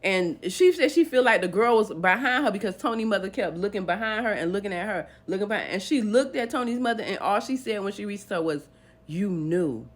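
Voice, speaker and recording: A woman telling a dramatic story in a casual storytime voice, her pitch of middle height. She is animated, swinging up and down as she acts out the people involved. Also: fast, hardly any pauses. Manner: animated, acting out each person's lines. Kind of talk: storytime retelling.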